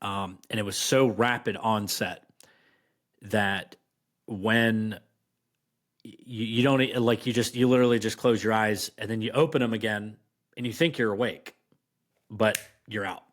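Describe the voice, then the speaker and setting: A man guest on a podcast, telling a personal story in a casual, rambling way, with restarts and slow emphatic stresses. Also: lowish voice, fairly even intonation.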